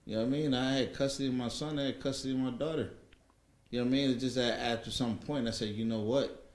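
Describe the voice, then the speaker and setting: A man's voice: medium pitch, steady tone, racing. A middle-aged man in casual chat, telling his story in a reflective way and often asking "you know what I mean.". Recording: echoey room, faint background noise.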